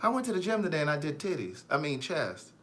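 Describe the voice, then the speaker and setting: A man chatting on a live stream, sassy and animated, reading viewer comments aloud and joking with them. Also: a little high, fast. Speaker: vlogger.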